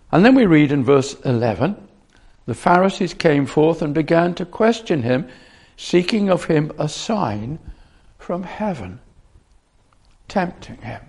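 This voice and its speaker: A man preaching a sermon, his voice gravelly and a little higher than most men's. He speaks earnestly and often restarts his phrases, repeating words as he works through his point. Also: a little mellow.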